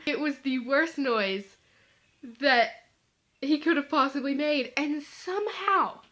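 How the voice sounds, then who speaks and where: A teenage girl vlogs a comic story straight to the camera. Her voice sits high and bright, with a sharp, clear edge. She rattles along quickly and animatedly, filling the gaps with "like" and "you know.". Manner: fast, animated, full of "like" fillers. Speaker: vlogger.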